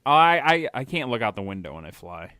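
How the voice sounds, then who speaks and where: A man's voice: medium pitch, very animated, a little fast, pushed and bright, dry recording, clean studio sound. Profane rambling man podcast co-host. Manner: profane, rambling, self-mocking about his fear of flying. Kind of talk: casual crude banter.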